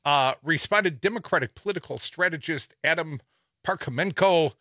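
A man's voice: fairly high pitch, moderate pace, pushed and bright, no room sound. A man hosting a talk radio show, reading news stories with sarcastic asides and a wry, laughing delivery into a studio microphone.

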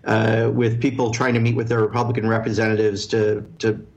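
A man's voice: fairly low pitch, monotone, brisk, creaky, a little mellow, dull audio. Plain-spoken congressman, full of fillers. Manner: earnest, blunt, many fillers. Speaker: congressman guest. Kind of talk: radio call-in answers.

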